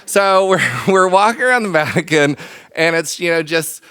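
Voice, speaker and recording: A man telling a funny personal story on stage at a microphone, his voice smooth and resonant and a touch higher than most men's. He rambles along in a chatty, self-deprecating way, laughing often. The sound is close and dry. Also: normal speed, a bit bright, no room sound. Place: stage before a live audience.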